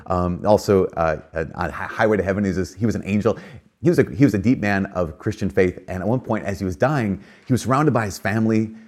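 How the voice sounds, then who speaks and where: Earnest man with a lowish voice. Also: brisk, darkish tone. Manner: earnest, conversational, with frequent fillers and emphatic rises. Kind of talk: reflective spoken talk.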